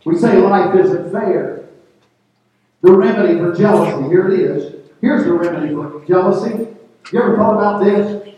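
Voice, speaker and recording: Preaching pastor in an echoey hall. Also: male voice, high voice, moderate pace, dark tone, distant mic. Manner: preaching with call-and-response to the congregation. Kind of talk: sermon. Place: church sanctuary. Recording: echoey hall, picked up from afar, dull sound.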